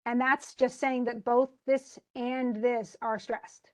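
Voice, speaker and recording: Woman teacher, fairly high voice, chatty one-on-one tutoring, explains by example. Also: level tone, takes it slowly, few pauses, a little mellow. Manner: chatty, explains with spoken examples, laughs easily. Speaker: English instructor.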